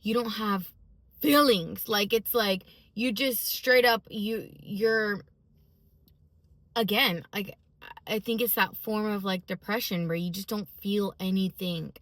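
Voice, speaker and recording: A woman's voice: mid-range voice, takes it slowly, a bit bright, no room sound. A woman giving a casual, emphatic personal faith testimony, full of fillers as she talks. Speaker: faith vlogger.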